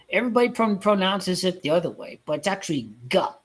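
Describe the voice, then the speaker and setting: A man's voice: high voice, animated, brisk, gravelly, hardly any pauses, husky, rough recording. A man giving a casual football rant as a vlogger, blunt and profane, rambling with stumbling restarts.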